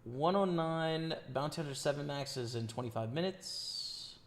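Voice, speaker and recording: A man's voice, a little hoarse from losing it, talking through poker hands on a live stream. His delivery is casual and conversational as he reasons out loud about his plays and answers viewers. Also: on the high side, animated, a little slow. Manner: casual, thinks aloud about each hand and chats with viewers.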